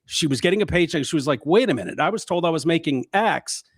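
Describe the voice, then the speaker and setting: A man's voice: a little high, lively intonation, fast, breathy edge, dry recording, studio quality. A man co-hosting a podcast in casual political chat, blunt and profane, laughing often. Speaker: podcast co-host.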